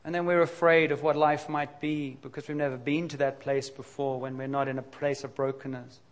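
A man's voice: medium pitch, level tone, brisk. A middle-aged man preaching a sermon in a candid, confessional, conversational way, with sudden emphatic bursts. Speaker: pastor.

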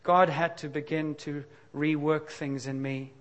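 In an unhurried sermon with the high frequencies cut off, a middle-aged pastor speaks frankly and confessionally. His voice is a little higher than the typical man's, and he swings from easygoing talk to abrupt, emphatic bursts.

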